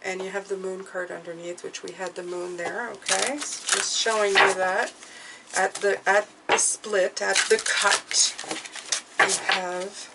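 A woman giving a tarot reading to her viewers, speaking gently and reassuringly and often checking in with "okay?". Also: medium pitch, flat delivery, a little slow, gravelly, very noisy. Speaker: tarot reader.

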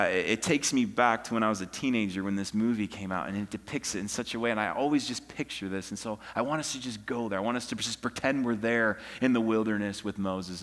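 Animated pastor preaching in a hall. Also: male voice, lowish voice. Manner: conversational, animated storytelling with audience prompts. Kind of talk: sermon. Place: church auditorium.

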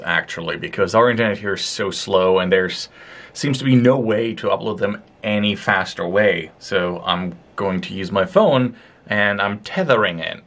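Man, lowish voice, chatty home-craft tutorial narrator who says um a lot. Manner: relaxed and chatty, with frequent fillers. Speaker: crafting vlogger. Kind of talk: casual hobby tutorial narration.

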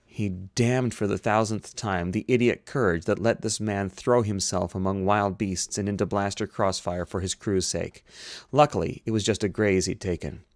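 A man narrates a science fiction novel as an amateur audiobook reader, occasionally stopping to reread a line he slipped on. His voice is lowish and steady at a moderate pace, in clean studio sound with no room sound.

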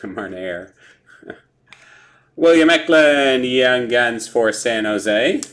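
A man hosting a live card break, briskly listing player names and teams and chuckling over hard names. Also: medium pitch, fairly bright tone. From Canada. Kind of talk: live sports card break, calling out pulls. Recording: noisy room with card-pack crinkling.

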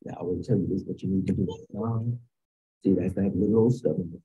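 This woman leads a Bible class on a video call in a Chicago accent, questioning her students, dragging out words for emphasis and occasionally shouting. Her voice is very deep, and the sound is lo-fi.

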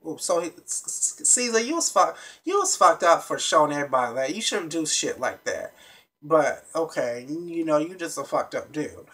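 A vlogger recapping a reality TV episode in a casual, animated and blunt way, with plenty of swearing, talking straight to the viewers. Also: mid-range voice, normal speed, husky. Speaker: TV show reviewer.

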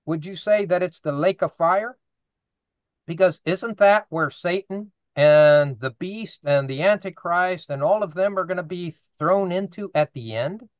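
A man's voice: high-pitched, a little slow, no room sound, lo-fi sound. A man leading an informal Bible study, explaining scripture earnestly and putting questions to the group.

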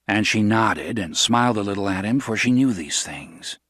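A man narrating a novel as an audiobook, in a steady, even storytelling voice. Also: fairly low pitch, normal speed, dry recording, studio quality.

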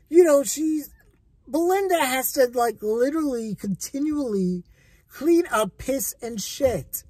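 A man's voice: extremely high pitch, slightly rough, dry recording. A man giving a casual spoken film review as a critic, talking in a blunt, rambling way with frequent swearing and many restarts. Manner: many restarts and repeated words. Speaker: movie critic.

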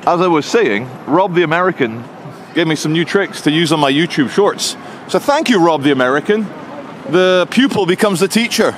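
A man talks to a handheld camera as he walks through the city, making dry, sarcastic remarks. His voice sits a little high. Street traffic is clearly audible behind him. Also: lively intonation, normal speed. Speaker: vlogger. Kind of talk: casual walking vlog. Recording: outdoor street noise. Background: street traffic noise.

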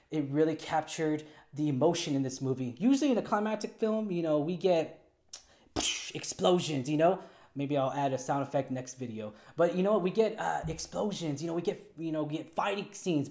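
A man's voice: a little high, mellow. A young man hosting a casual solo movie review, talking in an upbeat, chatty way with lots of asides and little jokes.

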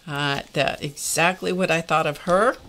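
A woman's voice: sits low, steady tone, a little slow, a bit bright, slight background noise. An older woman hosting a casual art lesson, chatty and confessional, laughing often as she talks to her viewers. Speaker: art class host.

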